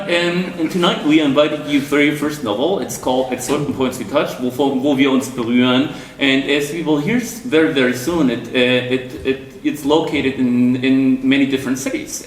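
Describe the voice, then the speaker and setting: A man's voice: medium pitch, slight background noise. A man moderates a book premiere, reading from notes with hesitant fillers. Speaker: event moderator. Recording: roomy, distant from the mic.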